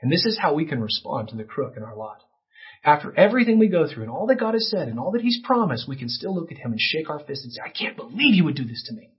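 Male pastor, husky voice, impassioned sermon delivery, slightly dull lo-fi recording. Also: a little high, big pitch swings, quick pace. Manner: impassioned, rising to near-shouting peaks. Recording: dull lo-fi sound.

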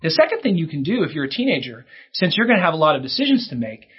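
Brief: male pastor, children's sermon, lively husky delivery, somewhat high voice, dull lo-fi sound. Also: racing. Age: adult. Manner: animated, acts out kids' lines in a higher voice. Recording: dull lo-fi recording.

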